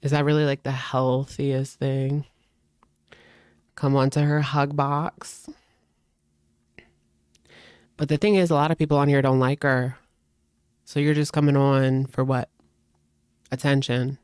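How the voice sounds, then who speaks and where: Snarky gossip host with a smooth voice. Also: mid-range voice, flat delivery, a little slow, long pauses, darkish tone, no echo, clean studio sound. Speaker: reaction channel host. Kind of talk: gossip reaction commentary.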